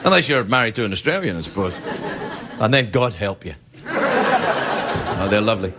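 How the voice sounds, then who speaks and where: A man hosting a late-night talk show, cracking quick jokes and playful asides to a studio audience. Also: fairly low pitch, huge pitch swings. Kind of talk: comedy monologue banter. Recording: studio audience laughter and noise.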